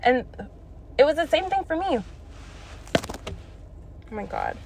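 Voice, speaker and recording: A young woman with a high voice tells a story as a casual rant. She is blunt and swears freely, and she laughs between lines. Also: big pitch swings, slow, vocal fry, background noise. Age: young adult. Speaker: vlogger.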